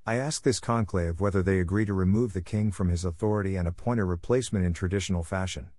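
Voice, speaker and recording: Audiobook role: a steady, formal military lord, read by a man, low voiced. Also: fast talker, no echo, studio quality. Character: steady veteran lord marshal.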